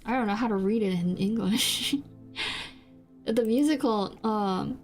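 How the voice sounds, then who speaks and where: She's a young VTuber streamer from South Korea, Korean being her first language, chatting casually and hesitantly with plenty of fillers and restarts as she rambles. The voice is mid-range and unhurried, with faint background music.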